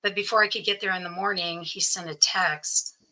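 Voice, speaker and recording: A woman's voice: fairly low pitch, steady tone, normal speed, pushed and bright, rough recording. A woman guest recounting a personal story in an interview, earnestly quoting what others said to her. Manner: earnest, quotes others' speech as she tells it.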